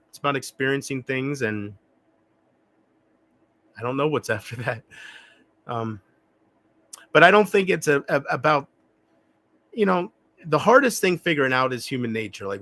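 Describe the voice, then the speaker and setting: A man talking alone on a livestream, rambling and reflective, often halting and restarting his sentences. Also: medium pitch, a bit bright. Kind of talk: rambling solo livestream talk.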